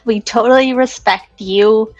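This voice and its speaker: A woman's voice: fairly high pitch, measured pace, no echo, muffled recording. A woman player chatting casually in a tabletop game, giggly and self-deprecating.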